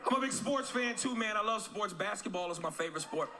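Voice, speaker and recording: A male stand-up comedian performing on a club stage with a brash, profane and animated delivery. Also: high voice, quick pace. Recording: loud noisy live club recording.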